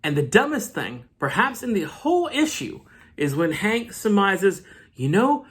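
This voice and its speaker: A man's voice: high-pitched, very animated, normal speed, fairly bright tone, slightly rough. A man recapping a comic book issue in a casual vlog, with joking, slangy asides.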